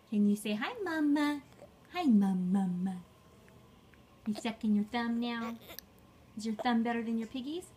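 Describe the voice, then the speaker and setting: A woman speaking baby talk to an infant, her voice high and swooping through a wide range. She coaxes and repeats words slowly, drawing them out. The tone stays sing-song the whole way through. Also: a little hiss or hum. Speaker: caregiver filming a baby.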